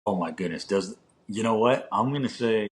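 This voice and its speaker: Young guy chatting on a podcast, says like a lot, swears, kinda low voice. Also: normal speed. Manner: rambling, heavy on "like", swears casually. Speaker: podcast co-host. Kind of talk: casual chat.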